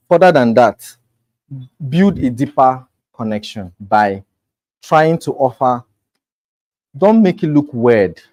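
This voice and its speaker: A man coaching realtors in a relaxed, conversational way, acting out quoted lines as he talks. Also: medium pitch, no echo, low-quality recording. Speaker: real estate sales coach. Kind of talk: informal coaching talk.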